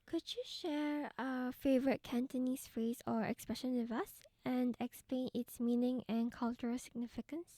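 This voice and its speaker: A woman from Singapore asks a guest prepared questions in a polite, even manner. Her voice sits a little high and sounds mellow. The recording is dry, with no room echo. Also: moderate pace, hardly any pauses. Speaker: interviewer. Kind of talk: interview questions.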